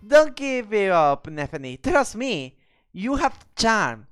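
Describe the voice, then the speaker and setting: A woman voicing an elegant, vain city lady who is flattering and bossy, reading game dialogue aloud. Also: mid-range voice, slow, clean tone, soft background music, voice pushed up. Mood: gushing. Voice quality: prim, theatrical, gushing.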